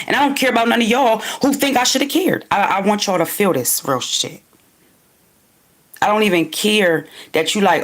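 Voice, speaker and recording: A woman's voice: mid-range voice, fairly bright tone. A woman from Wilmington, Delaware, ranting in an unscripted livestream monologue, profane and talking straight at her viewers. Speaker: livestream host.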